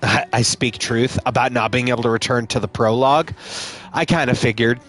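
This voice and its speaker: A man's voice: medium pitch, steady tone, brisk, a bit bright. A man casually commenting on a game he streams live, joking and swearing, with game music behind.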